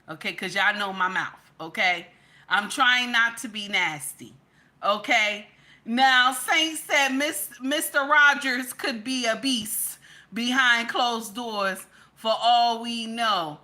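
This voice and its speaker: Emphatic woman commentator, bright, slightly high voice, chatty and direct. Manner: chatty and emphatic, keeps repeating "okay?"; addresses viewers directly as "baby" and "y'all". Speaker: social media commentator. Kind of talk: casual live commentary.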